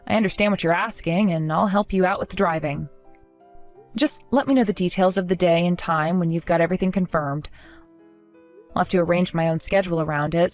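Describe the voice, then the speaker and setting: A woman telling a first-person story in a calm, dry, amused manner. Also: fairly low pitch. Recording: faint background music.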